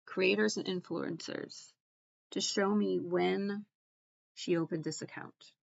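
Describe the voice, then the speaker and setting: Low gravelly woman talking over a clip. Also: steady tone, no room sound, highs cut off. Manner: halting, repeats herself, talks back to the clip. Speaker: YouTube creator reacting to a video. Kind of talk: casual commentary over a clip.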